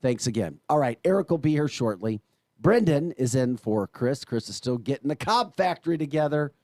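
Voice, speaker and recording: A man's voice: medium pitch, normal speed, no echo, studio quality. Exasperated American radio host, man. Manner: exasperated, emphatic, animated rants. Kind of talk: talk radio commentary.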